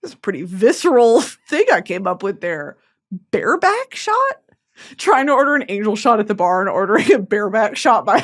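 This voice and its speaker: Lively, loud-swinging young woman. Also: mid-range voice, fairly quick. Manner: animated, swearing, jumps to loud squealing outbursts. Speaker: podcast host. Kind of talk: comedic podcast monologue.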